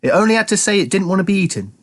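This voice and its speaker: Man doing a talking tomcat, smug, wheedling, raised voice, swooping pitch, storybook. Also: animated. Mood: self-justifying. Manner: wheedling, quick to excuse himself. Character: smug talking tomcat, male, adult, self-justifying.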